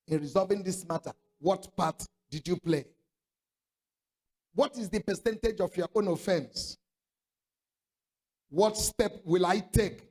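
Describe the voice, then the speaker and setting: A man's voice: high voice, a little mellow. A man preaching a sermon, emphatic, repeating his points and calling for response from the congregation.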